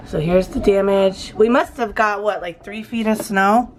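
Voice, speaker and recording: Unhurried woman vlogging at home. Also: mid-range voice, background noise. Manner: chatty, narrating to the camera and coaxing a toddler. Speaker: vlogger and mother. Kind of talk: casual home vlog. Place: family home indoors.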